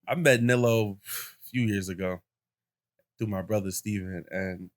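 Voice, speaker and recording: A man's voice: lowish voice, a little slow. A young man hosting a podcast, retelling a story in casual chat, full of fillers and quoted voices. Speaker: podcast host.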